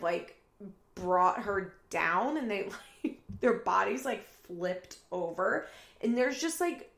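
A woman's voice: medium pitch, gravelly, roomy sound. A woman recapping a reality TV episode in casual chat, acting out quoted lines as she goes. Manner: animated retelling, acts out quoted lines with raised voice.

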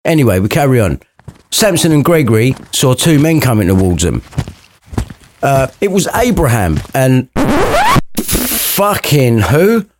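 Sweary man with a lively voice. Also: mid-range voice, unhurried, long pauses, a little hiss or hum. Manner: irreverent, sweary, chatty asides. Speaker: storyteller. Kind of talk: crude comedic retelling.

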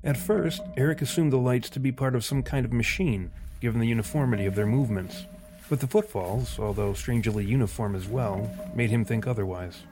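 A man narrating a scripted story in a measured, literary way. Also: mid-range voice, music in the background.

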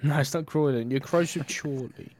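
A man's voice: a little high, normal speed, a little mellow, no room sound. A man hosting a casual comedy podcast, teasing his co-hosts with a guessing game and laughing often. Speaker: podcast host.

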